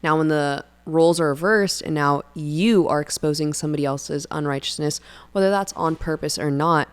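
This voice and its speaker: A young woman shares her faith in a relaxed podcast chat. Her voice sits a touch low, but she tells stories with lively energy and acts out what other people said. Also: moderate pace, smooth. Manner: animated storyteller who acts out friends' lines. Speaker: podcast co-host.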